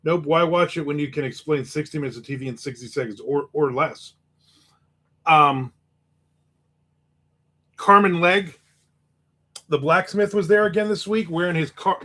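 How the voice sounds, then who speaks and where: On a casual livestream, a male host reads viewer comments and tosses back quick jokes and asides. His relaxed, conversational voice sits on the high side, a bit above the typical male range.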